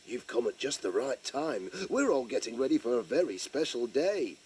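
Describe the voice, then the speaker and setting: A man's voice: mid-range voice, sing-song, moderate pace, darkish tone, a little hiss or hum, close to an everyday voice. Postman Pat, a man playing a cheerful village postman. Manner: chirpy, chatty, addresses young listeners directly. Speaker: storyteller in character. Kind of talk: children's audio story narration.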